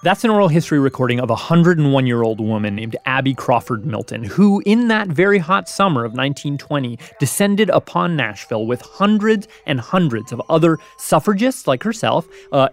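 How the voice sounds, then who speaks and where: A man hosting a radio show, narrating a story with a clear storytelling delivery. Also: a little high, lively intonation, moderate pace, few pauses. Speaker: host.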